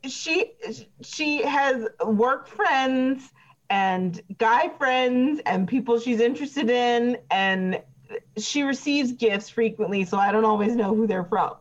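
A woman's voice: on the high side, slow pace. A woman voicing a chatty, petty witness who rambles with many fillers and gets defensive. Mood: rambling. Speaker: player voicing a trial witness. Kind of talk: improvised tabletop role-play. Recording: dull lo-fi recording.

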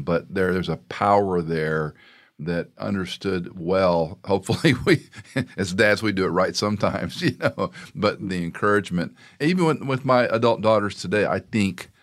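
A man's voice: low-pitched, moderate pace. A middle-aged man hosting a conversational interview, a pastor telling earnest, folksy stories. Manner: earnest storytelling, folksy asides. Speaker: podcast host, pastor.

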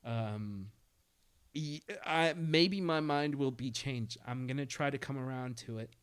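A man co-hosts a casual radio talk show. His voice is mid-pitched, and he speaks haltingly, often stopping and restarting his sentences. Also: clean tone. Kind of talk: casual chat.

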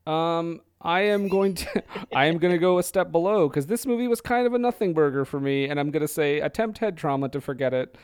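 A man hosting a podcast, chatting casually in a jokey, lively way. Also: a little high, a little fast, hardly any pauses, clear, resonant tone, dry recording. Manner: jokey, laughs between lines. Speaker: podcast host. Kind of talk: casual chat.

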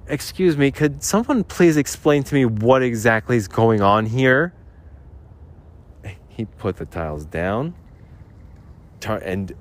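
A man rambles through a story on his own podcast, loose and profane, laughing at his own punchlines. His voice sits a little low. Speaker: podcast host.

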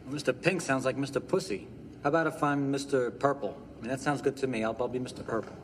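Role: petty argumentative crook, played by a man, rapid talker, reverb-heavy clip. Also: mid-range voice, fairly even intonation, a little hiss or hum, lightly acted. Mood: whiny. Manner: whiny, argumentative. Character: petty complaining crook arguing over names. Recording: film clip with reverb and ambience.

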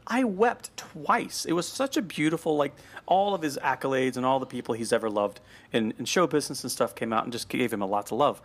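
A man co-hosting a podcast in casual chat, animated and chatty with lots of fillers and restarts. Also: medium pitch, quick pace. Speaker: podcast co-host. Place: at home with a dog nearby.

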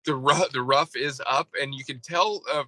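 Bright-voiced man telling a travel story. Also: medium pitch, moderate pace, poor audio. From Idaho, USA. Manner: animated storyteller acting out his own texts. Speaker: golf caddie. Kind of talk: casual interview storytelling.

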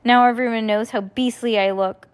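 A woman's voice: a little high, steady tone, normal speed, clean tone, close to an everyday voice. A woman voicing a dramatic, grumpy young girl in a children's storybook reading. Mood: sulky. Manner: sulky, dramatic.

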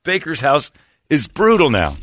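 A man from Indiana hosting a sports talk show, mocking and animated, slipping into put-on voices. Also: a little high, measured pace, dry recording. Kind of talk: casual sports banter.

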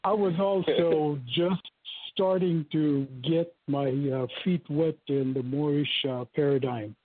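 An older man calling into a show, halting and appreciative, with soft laughs. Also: a little high, steady tone, no echo. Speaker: caller. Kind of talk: call-in comment. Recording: thin phone-line call.

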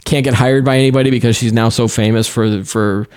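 A man co-hosting a casual news podcast, his pitch sitting at an ordinary middle level. He talks in a loose, chatty way, reading quotes aloud and laughing easily. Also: fairly even intonation, brisk, a little mellow, clear, resonant tone. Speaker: podcast co-host.

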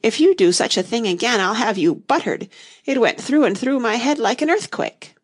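A woman voicing a fussy, excitable old king in a high, fretful voice. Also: normal speed.

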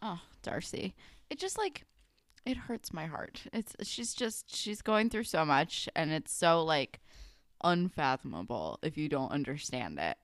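With a low-sitting voice that swings widely in pitch, this young podcast co-host chats about a TV episode at a measured pace. She curses freely and fills her talk with "like" and "um," and the studio-quality recording has no echo.

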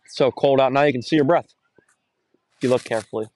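A young man doing casual, rambling play-by-play of a high school football game outdoors, recorded on a phone, often correcting himself and getting excited on big runs. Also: fast talker. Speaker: play-by-play announcer.

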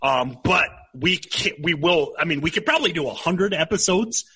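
Husky middle-aged podcast host. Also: male voice, fairly high pitch, animated, normal speed, sharp tone. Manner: rambling, repeats words while thinking. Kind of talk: casual chat.

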